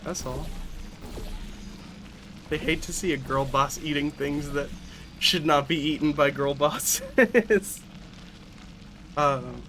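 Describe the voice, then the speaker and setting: A man's voice: fairly high pitch, takes it slowly, pauses often, sharp tone, slight background noise. A man streaming a video game, chatting casually in rambling, giggly stories full of swearing. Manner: rambling, giggly, profane storytelling. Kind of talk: casual gameplay commentary.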